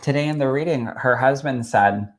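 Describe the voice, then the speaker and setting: A man working as a psychic medium, talking in a candid, animated way that includes casual swearing. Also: mid-range voice, moderate pace. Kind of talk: casual chat.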